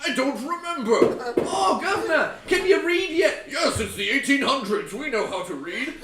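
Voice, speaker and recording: A man's voice: extremely high pitch, expressive, normal speed, echoey room, far from the mic, crowd noise, voice pushed up. A man putting on a hammy mock British voice as a nineteenth-century surveyor, playing it for laughs. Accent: put-on British. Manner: exaggerated, hammy, laughing through it.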